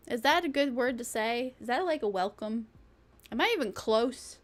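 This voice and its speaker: A woman's voice: on the high side, lively intonation, moderate pace. A young woman streaming, chatting casually and playfully, rambling and breaking into silly sing-song. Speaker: vtuber streamer. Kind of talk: casual live-stream chat.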